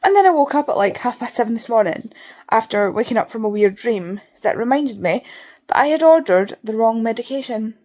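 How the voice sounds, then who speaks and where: A woman's voice: a little high, expressive, brisk, darkish tone. Tired, sniffly young woman chatting casually. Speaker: book vlogger. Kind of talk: casual reading vlog.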